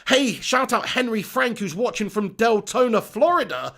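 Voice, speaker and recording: A man hosting a football live stream, chatty and upbeat, giving shout-outs to viewers. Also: extremely high pitch, expressive, moderate pace. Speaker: football channel host.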